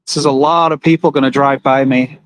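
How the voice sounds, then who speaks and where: A man's voice: mid-range voice, fairly even intonation, a little fast, a little hiss or hum, poor audio. A man livestreaming outdoors by a busy road, talking earnestly and emotionally to his viewers and reading their comments aloud. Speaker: livestreamer at an animal rights vigil. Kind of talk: live-streamed casual monologue. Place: outdoors by a roadside with passing trucks.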